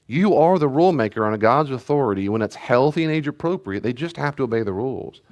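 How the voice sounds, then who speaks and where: A male pastor giving a conversational teaching talk with animated storytelling, often laughing and acting out what people said. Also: medium pitch, fast, muffled recording.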